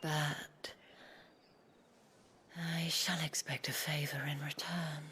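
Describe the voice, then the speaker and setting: Video game brothel madam: very deep, slow, sultry near-whisper, coy and scheming. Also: female voice, little pitch movement, pushed and bright, a little hiss or hum, heavily acted. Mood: sultry, teasing. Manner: slow, teasing, silky delivery.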